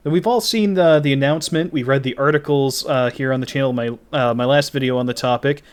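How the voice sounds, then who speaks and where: A man's voice: mid-range voice, quick pace, clear, resonant tone. A man with an ordinary mid-range voice hosts an interview on his channel. He asks his questions in an easy, friendly, conversational way. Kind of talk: casual interview.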